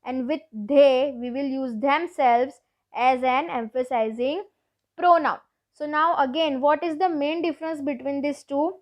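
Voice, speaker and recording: A woman teacher giving a grammar lesson to schoolchildren, explaining each rule slowly and patiently, with lots of repetition. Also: high-pitched, highs cut off. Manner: slow, deliberate, repeats each rule patiently.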